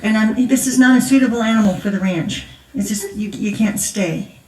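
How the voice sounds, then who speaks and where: A slightly high, slightly mellow voice at a moderate pace comes from an older woman, a grandmother, chatting and laughing as she tells stories. Her conference testimony echoes through a large church hall, and she sounds far from the mic.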